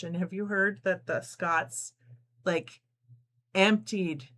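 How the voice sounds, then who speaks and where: In a slightly low voice, a middle-aged New Jersey woman leads a laid-back live sew-along. She talks easily, laughs a lot and reads viewers' messages aloud as she sews.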